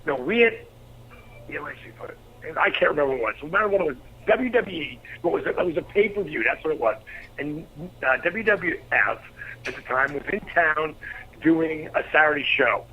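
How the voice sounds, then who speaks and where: A middle-aged man, a former pro wrestler, telling profane, animated anecdotes as an interview guest. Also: fairly high pitch, fairly quick, a little hiss or hum. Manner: profane, animated storyteller acting out quotes. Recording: slightly dull lo-fi recording.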